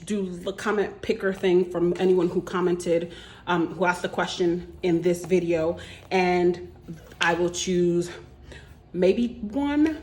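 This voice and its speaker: A woman's voice: lowish voice, a little hiss or hum. A woman in a casual budgeting vlog, talking through her spending in a chatty, rambling way, often correcting herself mid-sentence. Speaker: budgeting vlogger.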